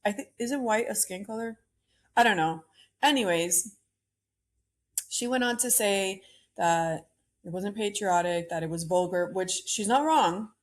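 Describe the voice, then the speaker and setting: A woman's voice: medium pitch, unhurried, long pauses. Blunt, opinionated woman podcast host. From Cuban-American. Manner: blunt, opinionated, swears freely. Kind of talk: solo opinion podcast rant.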